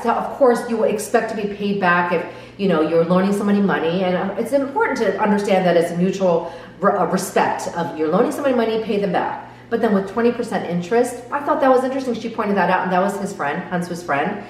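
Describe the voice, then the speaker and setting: A woman's voice: mid-range voice, far from the mic, slight background noise. A woman giving earnest, reflective commentary on a drama episode, often asking her viewers direct questions. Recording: echoey room, voice off-mic, faint background.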